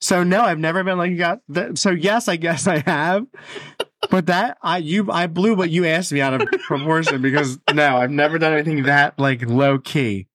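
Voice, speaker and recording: A man co-hosting a casual podcast, telling stories in a blunt, animated way. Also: a little high, moderate pace, no room sound. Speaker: podcast co-host.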